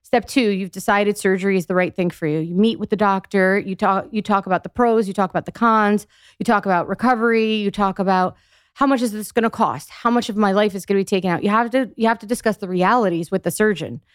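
Emphatic woman guest explaining clearly. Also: mid-range voice, fast talker, no echo, studio quality. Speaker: physical therapist guest. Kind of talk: podcast interview.

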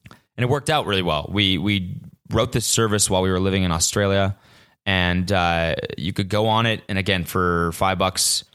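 A young man hosting his own podcast, ranting casually with lots of swearing and indignant outbursts. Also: clear, resonant tone. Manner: animated, swearing, voice jumping high when indignant. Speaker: podcast host. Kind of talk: casual solo podcast rant.

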